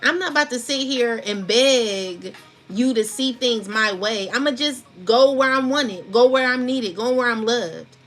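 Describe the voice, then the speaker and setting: A woman's voice: a little high, measured pace, fairly bright tone, soft background music. A woman giving a casual spiritual tarot reading, talking in a chatty, slangy, laughing way. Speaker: tarot reader.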